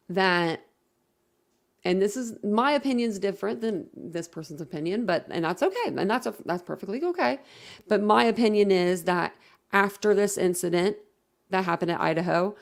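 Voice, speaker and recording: With a mid-range voice and vocal fry, this woman hosts a casual livestream. She rambles and chats while reading viewer comments aloud, full of fillers and self-corrections.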